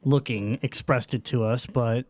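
A man's voice: mid-range voice, fairly even intonation, a little slow, a little mellow, no room sound. A man who plays a tabletop game and sounds puzzled and wry in character. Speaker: player. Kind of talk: casual tabletop role-play.

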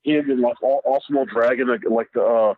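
A man's voice: mid-range voice, fairly even intonation, fairly quick, no echo. A man with a mid-range voice chatting on a podcast. He stumbles and repeats his words, and he comes through a tinny, phone-like line that is dry and close. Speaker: podcast co-host. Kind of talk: casual chat.

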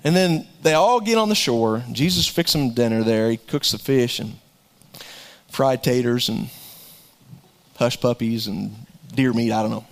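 A man, a pastor, preaching a folksy, animated sermon, joking now and then and repeating words as he goes. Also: mid-range voice, measured pace.

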